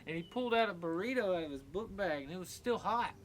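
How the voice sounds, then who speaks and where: A tower climber, telling stories in a casual, profane, animated way. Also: male voice, high voice, fast, slight background noise. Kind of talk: casual storytelling.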